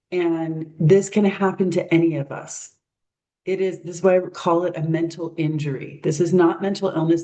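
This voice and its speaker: A woman facilitating a group discussion on a video call, speaking in a measured, thoughtful way. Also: low-pitched, mellow.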